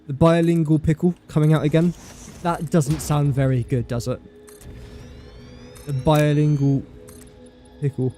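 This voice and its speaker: A man with a fairly high but mellow voice chats through a game livestream. He is playful and teasing, scolds the objects in his game and pokes fun at himself. Soft music plays faintly behind him. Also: normal speed. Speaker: game streamer. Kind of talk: casual gameplay livestream chat.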